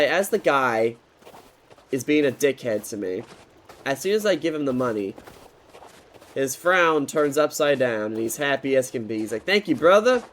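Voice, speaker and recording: Young man, twenties, casual storytime rant, swears a lot, frustrated, mid pitch. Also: fairly bright tone, a little hiss or hum. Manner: frustrated, swears often, talks loosely with restarts. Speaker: YouTuber telling a story while gaming.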